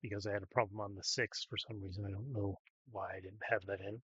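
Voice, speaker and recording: A man casually commenting over his own gameplay, rambling and hesitant with frequent pauses and restarts. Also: fairly low pitch, steady tone, fairly bright tone, husky, no echo, muffled recording. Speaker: gameplay streamer.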